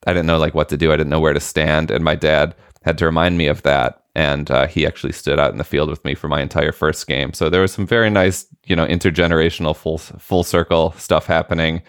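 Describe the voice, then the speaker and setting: A man's voice: extremely low pitch, smooth, no room sound, studio quality. A man in his late thirties, co-hosting a podcast, who tells stories in casual chat and acts out the people he quotes. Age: late 30s. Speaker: podcast co-host.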